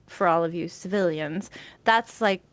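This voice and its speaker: A woman's voice: fairly low pitch, unhurried, no room sound. A young woman telling stories in a casual chat, laughing often as she talks. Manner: chatty storyteller, laughs often.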